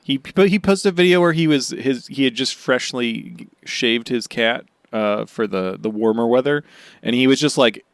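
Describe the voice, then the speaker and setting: A male podcast co-host chats casually, joking and rambling between laughs. His voice is smooth and resonant. The sound is dry and close to the mic. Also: medium pitch, moderate pace, no room sound. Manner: jokey, rambling with fillers and laughs. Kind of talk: casual chat.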